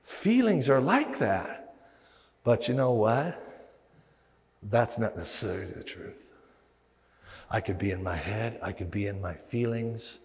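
A pastor delivering a sermon with a low voice that swings widely up and down as he tells stories. He acts out little inner voices between his points, and his words ring with the long echo of a large hall. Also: unhurried, pauses often. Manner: animated storytelling with acted-out inner voices.

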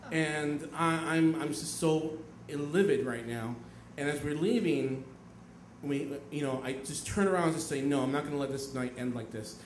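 A young man telling a personal story on stage, animated, swearing and acting out his own outbursts. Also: fairly high pitch, slight background noise. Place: theater stage. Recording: echoey stage with faint audience ambience.

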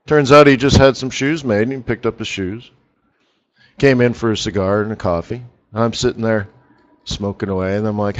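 Hosting a live forex session, a market strategist chats casually, wandering into rambling stories and chuckling at his own jokes. His medium-pitched voice moves briskly.

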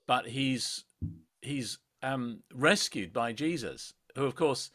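A man co-hosting a casual talk on a Bible passage, reflective and often filling pauses with "um" and "yeah". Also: medium pitch, fairly bright tone. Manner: reflective, with fillers and agreeing interjections. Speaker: podcast co-host.

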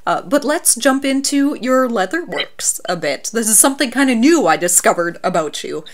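A woman's voice: a little high, very animated, normal speed. A woman hosting a casual interview, friendly and affirming, who often nods along with "mm-hmm" as her guest talks. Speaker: interview host.

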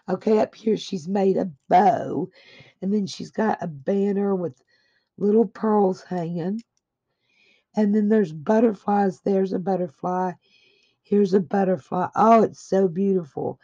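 A woman's voice: medium pitch, slow pace, gravelly, mellow, breathy edge, dull audio. A woman at her home craft desk, opening a craft swap package and gushing to her viewers. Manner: gushing, exclamatory, addresses viewers as guys. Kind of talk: casual unboxing chat.

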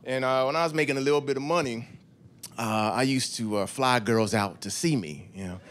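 A man in his thirties performs stand-up on a club stage, telling a story with voiced asides in a brisk, mid-range, fairly bright voice. The recording comes from a club stage mic, with audience noise.

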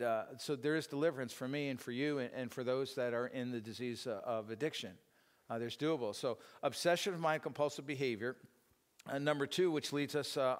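A middle-aged man giving an informal church teaching talk, rambling and self-deprecating, with many fillers and restarts. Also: medium pitch. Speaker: speaker at a church teaching session. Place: church hall. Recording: long hall reverb.

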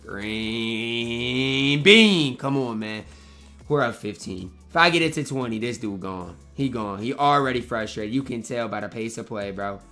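A man's voice: medium pitch, expressive, unhurried, bright, forceful tone, faint music behind. A young man, commenting live on his own basketball video game match, slangy and frustrated, trash-talking his teammates and opponent. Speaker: gaming YouTuber.

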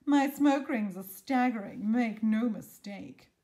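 A woman voicing a boastful, show-off male scarecrow rogue, speaking loudly and bragging, in a storybook reading. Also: on the high side, slow pace. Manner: loud and boastful.

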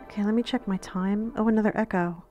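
A woman's voice: mid-range voice, steady tone, fast, warm tone, faint music behind. A woman hosting a gaming channel, chatting straight to her viewers in casual game commentary.

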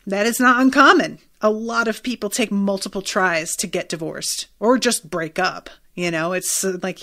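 Slow-talking woman podcaster. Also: medium pitch, bright, forceful tone. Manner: candid, swears freely, quotes scenes in a light acted tone. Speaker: podcast host. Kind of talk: casual recap podcast.

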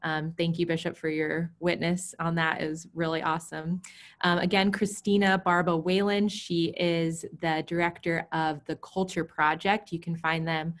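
Upbeat woman moderator, low voice. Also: little pitch movement, moderate pace. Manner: upbeat, with frequent filler sounds. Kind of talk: closing remarks.

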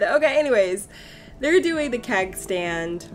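A young woman chatting and giggling through casual game commentary, reacting loudly to what happens on screen. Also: on the high side, animated, a little slow. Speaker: let's play gamer.

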